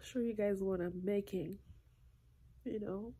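A woman crying softly into her phone indoors at night, speaking in a slow, halting way and often dropping to a whisper. Her voice is husky and mellow, thick with tears. It sounds close and intimate. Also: medium pitch, steady tone. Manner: halting, soft-spoken, slipping into whispers. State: tearful, crying. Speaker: vlogger. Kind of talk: emotional confessional vlog. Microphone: phone held close.

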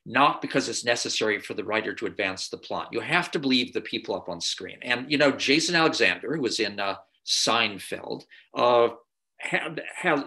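A man delivers a screenwriting masterclass in an anecdotal, conversational lecture style. His voice is bright and forceful, and he often pauses on filler sounds and restarts his sentences. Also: medium pitch.

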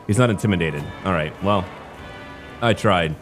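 Low voiced guy doing dry chatty strategy game commentary, faint music behind. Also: animated. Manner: wry, chatty, jokes with quick silly put-on voices. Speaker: game streamer. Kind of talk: let's-play commentary.

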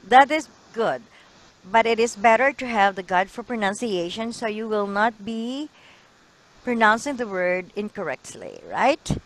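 A woman's voice: medium pitch, expressive, a little slow, poor audio. A woman teaching an English lesson over a video call, encouraging and correcting pronunciation.

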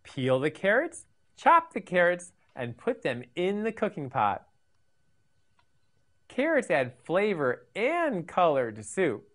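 Slow, sing-song woman teaching vocabulary. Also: lowish voice, huge pitch swings, fairly bright tone. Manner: slow, sing-song, repeats words for learners. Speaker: English teacher for children. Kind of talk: scripted vocabulary lesson.

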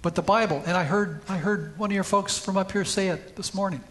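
A man's voice: high voice, brisk, a bit bright. A man preaching a sermon in a church, telling a story and rising to emphatic peaks. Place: church sanctuary.

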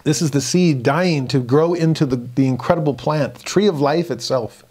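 A man teaching a verse-by-verse scripture study in a reflective, earnest way, dropping to soft emphasis on key points. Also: medium pitch.

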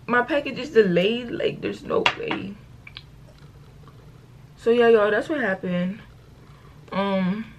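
A woman's voice: mid-range voice, slight background noise. A teenage girl chatting in a get-ready-with-me vlog at home, rambling through a story in slangy talk, correcting herself and calling out to her viewers often. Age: late teens. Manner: chatty, rambling storytelling, keeps saying y'all. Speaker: vlogger.

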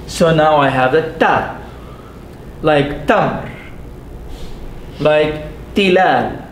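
A man with a high voice teaching a class in an echoey room, with a faint rumble behind him. He is patient, sounds things out slowly and keeps checking in with the students. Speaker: Arabic teacher. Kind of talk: classroom lesson. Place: mosque classroom.

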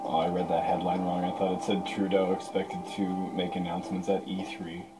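A man, teasing and excitable, bantering casually beside a friend's game. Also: low-pitched, brisk, over loud music. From Canada. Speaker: co-host of a Let's Play.

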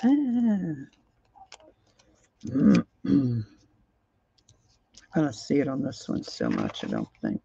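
A woman hosts a crafting livestream at a slow, easygoing pace, thinking aloud and drifting off mid-sentence as she works. Her voice comes through a slightly muffled, lo-fi recording. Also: rumbling low, huge pitch swings, creaky, dark tone, slightly rough. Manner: rambling, thinks aloud while working, trails off. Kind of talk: casual crafting tutorial.

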